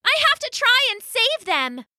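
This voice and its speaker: Storybook heroine: a woman playing a shy young woman, high and bright, pleading and breathless. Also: very animated, a little slow, no echo, clean studio sound, full character voice. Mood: alarmed.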